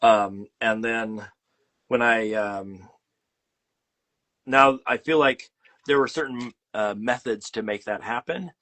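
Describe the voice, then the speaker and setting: A man's voice: medium pitch, takes it slowly, long pauses, sharp tone. A man hosting a casual interview over a video call, rambling with many fillers and teasing his guest. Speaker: podcast host and illustrator.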